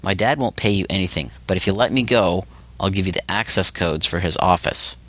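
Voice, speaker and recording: A man voicing a defiant, sharp-tongued young goth woman held captive, speaking bluntly with scorn and curses. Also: low voice, fairly quick. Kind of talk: audiobook character reading.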